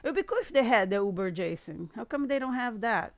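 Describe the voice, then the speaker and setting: A woman giving chatty, excitable gameplay commentary and laughing often. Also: a little high, fast talker, no echo. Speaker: gamer.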